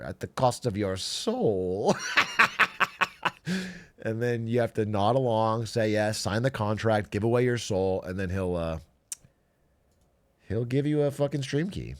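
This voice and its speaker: A man's voice: mid-range voice, clean tone. A man streaming live, chatting casually with viewers in jokey, profane rants. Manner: swearing, animated, jokey rants. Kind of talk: casual livestream chat.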